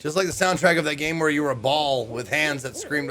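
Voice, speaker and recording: A man's voice: on the high side, a little fast, pushed and bright, slight background noise. A young man casually commenting on a game while playing and reading its on-screen text aloud to viewers. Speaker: game streamer. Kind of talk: casual let's-play commentary.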